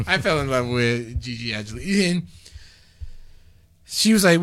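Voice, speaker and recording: A man's voice: medium pitch, a little slow. A man in casual chat, animatedly telling convention stories and acting out what people said. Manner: animated storyteller, laughs often, acts out quotes. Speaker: podcast guest recounting a convention.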